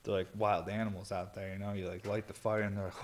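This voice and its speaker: A worn-out man talks in a loose, rambling way, his voice sitting a little low. He swears freely and sounds tired, like he has barely slept. A faint hiss hangs behind him. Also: fairly even intonation, a little fast, pauses often. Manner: laid-back, rambling, swears a lot. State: tired, yawning. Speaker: vlogger. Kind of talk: casual rambling monologue. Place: indoor workshop or studio.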